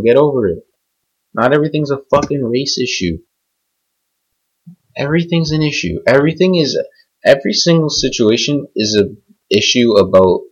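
A man's voice: lowish voice, highs cut off. A young man hosting a podcast, ranting angrily and unscripted, swearing heavily and rambling from point to point. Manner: furious, profane, rambling. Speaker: podcast host. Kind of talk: angry unscripted podcast rant.

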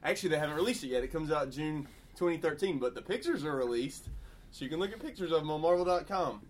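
A man's voice: on the high side, animated, fast. A man co-hosting a podcast, running through news items with enthusiasm. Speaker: podcast co-host.

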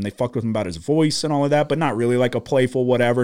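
A man in a studio rants heatedly about sports, swearing freely and piling up complaints. His pitch sits in an ordinary middle register, and he talks in loose, casual podcast chat. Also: expressive, fast, hardly any pauses, a little mellow. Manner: heated, profane ranting. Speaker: podcast co-host.

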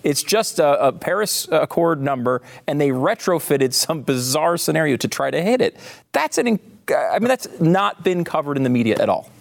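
A man's voice: fairly high pitch, sing-song, normal speed, vocal fry. A male host asking long questions in an interview, with plenty of fillers and restarts. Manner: rambling questions with many fillers.

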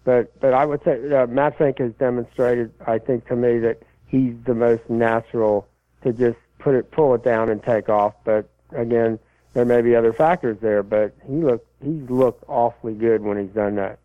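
A man casually answering listener questions about college football, rambling and halting with many fillers and restarts. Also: medium pitch, steady tone, no room sound. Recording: tinny phone line, dry.

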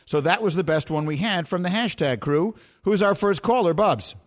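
A man's voice: high voice, expressive, normal speed. A man hosting a sports call-in radio show, bantering playfully and teasing in a game-show manner.

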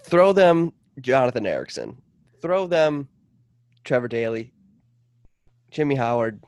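A man co-hosting a casual sports podcast, rambling in quick bursts and throwing in goofy asides. His voice sits at a middle pitch and is recorded dry and close, with no room sound. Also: sing-song, a little mellow, no room sound. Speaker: podcast co-host.

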